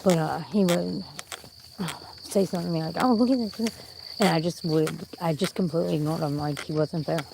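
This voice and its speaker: A woman with a low voice rambles through a profane, frustrated vent to the camera. She talks from inside a car, and steady vehicle noise runs under her voice. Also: fairly quick, vocal fry. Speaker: vlogger. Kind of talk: casual venting monologue.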